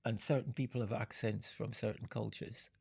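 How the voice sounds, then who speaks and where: An older man from Jamaica, speaking in an interview, unhurried and fond of analogies, often breaking into laughter. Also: lowish voice, steady tone, gravelly, darkish tone, slightly rough. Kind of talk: reflective storytelling.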